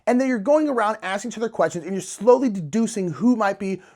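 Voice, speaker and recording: A man's voice: high voice, animated, quick pace, darkish tone. Chatty, enthusiastic man, casual board-game vlog host, loose and filler-heavy.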